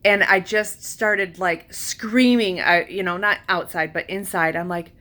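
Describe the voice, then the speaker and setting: Woman vlogging her story, bright clear voice, lots of ums, gets emotional. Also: normal speed, hardly any pauses. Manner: emotional, many fillers, quotes herself at high pitch. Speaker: vlogger recounting a retreat. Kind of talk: casual personal storytelling.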